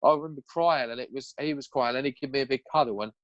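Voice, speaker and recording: As a podcast guest, a young man shares personal stories candidly and earnestly, his raw talk sprinkled with swearing. He talks fast at an ordinary middle pitch with a fairly bright tone, recorded close and dry with no echo or room sound, though the highs are cut off.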